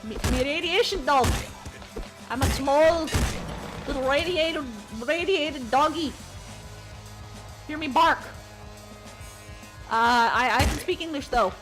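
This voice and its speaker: A woman's voice: high voice, slow, long pauses. A woman voicing a small, dopey mutant dog from a video game in a goofy, childlike way. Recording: game music behind.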